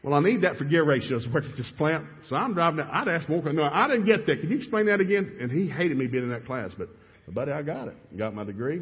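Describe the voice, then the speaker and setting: A middle-aged man preaching a sermon, telling lively stories and acting out his own outbursts. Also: mid-range voice. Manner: animated storytelling with shouted re-enactments. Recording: echoey hall, dull lo-fi sound.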